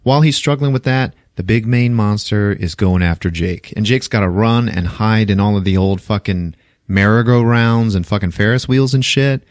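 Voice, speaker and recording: Low-voiced man casually recapping a movie. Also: moderate pace, dry recording, studio quality. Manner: loose, profane storytelling with quoted voices. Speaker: podcast host.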